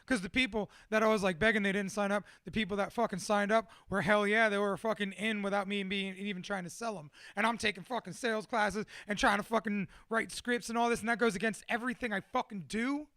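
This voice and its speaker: Guy in his 30s swearing nonstop while he rambles about his life, really high bright voice, dry close sound. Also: fairly even intonation, fast, hardly any pauses, no room sound. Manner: profane, rambling and self-deprecating. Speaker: motivational speaker. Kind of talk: candid personal monologue.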